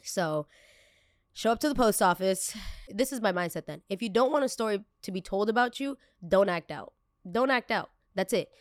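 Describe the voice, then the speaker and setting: A young woman hosting a podcast, telling a personal story in an emphatic, animated way and acting out the quoted lines. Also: medium pitch, normal speed, dry recording, clean studio sound. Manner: blunt, self-aware. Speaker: podcast host.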